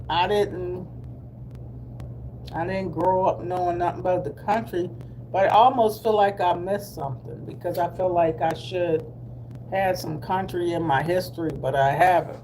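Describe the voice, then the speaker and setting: Middle-aged woman vlogger, unhurried chatty delivery, light hum behind. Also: fairly low pitch, a little mellow. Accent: Black American English. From Delaware, US. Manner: chatty, slow and drawling, with laughs and asides. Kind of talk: casual live chat with viewers.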